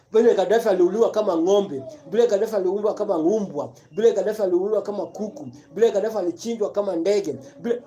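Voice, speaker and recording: Fired-up commentator, mellow voice. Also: mid-range voice. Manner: repetitive, emphatic, rhetorical questions. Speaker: live-stream commentator. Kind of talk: impassioned political rant mixing Swahili and English.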